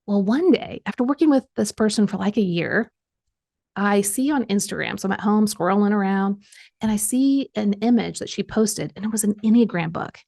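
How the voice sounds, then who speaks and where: A woman's voice: medium pitch, lively intonation, moderate pace, vocal fry, mellow. A middle-aged woman, a coach guesting on a podcast, telling a personal story with animation and acting out the voices she quotes.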